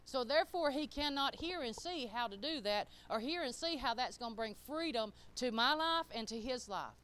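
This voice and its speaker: A woman delivers a sermon in a smooth, clear voice that sits a little high. She talks to the congregation plainly, in everyday grammar, and swings from loud, driving emphasis to soft, low asides. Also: expressive, normal speed. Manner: conversational, with colloquial grammar. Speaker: preacher.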